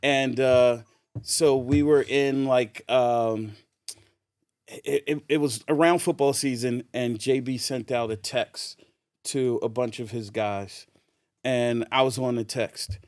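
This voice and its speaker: A man tells a story in a relaxed, animated way, laughing through it. His voice sits at an ordinary pitch. The sound is dry and close on a podcast mic. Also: slow pace, clean tone, no echo. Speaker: podcast guest. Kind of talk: casual anecdote telling.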